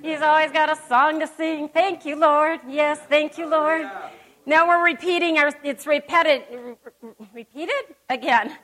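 Woman preacher, high bright voice, folksy and emphatic, church sermon. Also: steady tone, unhurried. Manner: emphatic, folksy, chatty asides. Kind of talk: conversational sermon. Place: church service.

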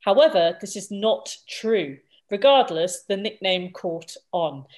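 A woman's voice: medium pitch, lively intonation, slow, darkish tone. A woman co-hosting a casual podcast, chatty and explaining things in long lists. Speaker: podcast co-host.

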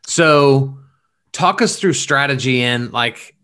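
A laid-back man hosts a casual podcast interview. He asks questions in a relaxed, enthusiastic way and keeps the talk friendly and loose. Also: medium pitch, slow. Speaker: podcast host.

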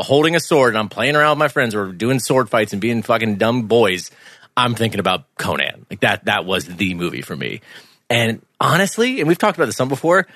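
A man's voice: on the low side, bright, forceful tone, no room sound, studio quality. A man in his thirties co-hosting a podcast, laughing easily and swearing as he chats. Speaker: podcast co-host. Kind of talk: casual chat. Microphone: studio microphone.

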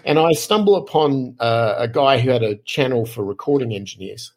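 A middle-aged man, a podcast guest telling lively anecdotes in casual conversation. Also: medium pitch, normal speed. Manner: animated, lively anecdotes with frequent fillers. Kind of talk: casual storytelling.

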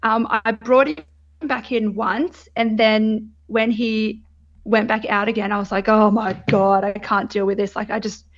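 A woman's voice: mid-range voice, level tone, measured pace. A young adult woman, candidly telling her birth story in casual chat, laughing often and swearing freely. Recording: dull lo-fi sound.

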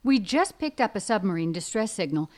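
An actress playing a brisk female radio officer reporting to her admiral. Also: medium pitch, sing-song, close to an everyday voice.

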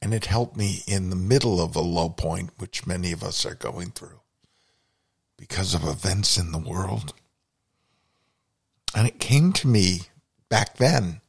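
Man, podcast host, personal story told slowly, husky low voice, reflective. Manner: reflective, confessional.

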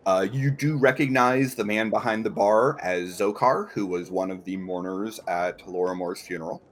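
A man narrating as game master in a relaxed, filler-heavy manner. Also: on the low side, normal speed.

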